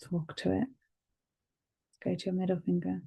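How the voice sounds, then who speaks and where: A woman leads a tapping session in a calm, gentle voice, giving phrases for the listener to repeat. Her voice sits low with a flat, even melody. There is a gravelly edge of fry. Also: normal speed. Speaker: EFT tapping guide.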